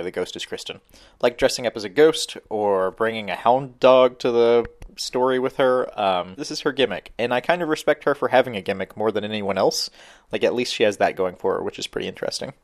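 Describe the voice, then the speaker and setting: A man co-hosting a podcast, recapping an episode in casual chat with dry, detailed asides. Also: fairly low pitch. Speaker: podcast co-host.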